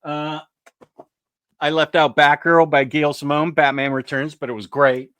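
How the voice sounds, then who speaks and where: A man's voice: on the high side, flat delivery, measured pace, fairly bright tone, clear, resonant tone, dry recording. A man hosting a casual comics chat, enthusiastic and rambling, with lots of fillers and restarts. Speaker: comics podcast host.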